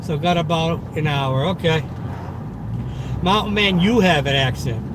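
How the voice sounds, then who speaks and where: A man with a thick Boston accent chats away to his stream from the driver's seat, boastful and upbeat. His voice sits high for a man. Road and engine noise rumble clearly behind him. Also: unhurried. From Massachusetts. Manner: chatty, talks to viewers in chat, upbeat and boastful. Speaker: delivery driver streaming live. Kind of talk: casual live-stream chat while driving. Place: inside a car in the city. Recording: noisy car interior. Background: car and road noise.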